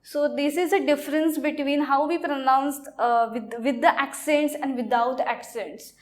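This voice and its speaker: A woman teaching a French lesson in a video lecture, halting and repetitive, often saying "okay". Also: sits high, steady tone. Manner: halting, repeats words, says "okay" often.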